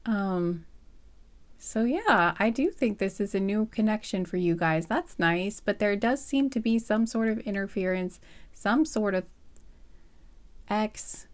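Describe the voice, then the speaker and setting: A woman with a slightly hoarse, throaty voice talks through a tarot-style reading. She muses aloud, soft and hesitant, circling back and restarting her sentences as she goes, with an easy giggly lightness. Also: medium pitch, lively intonation, unhurried. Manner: rambling and hesitant, thinking aloud with many fillers and restarts. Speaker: tarot card reader. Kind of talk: casual pick-a-card reading.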